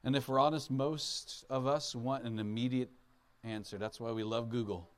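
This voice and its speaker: A man's voice: medium pitch, fairly even intonation, normal speed. Conversational male pastor preaching. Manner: conversational, asks the audience questions; acts out Bible figures in playful voices. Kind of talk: sermon.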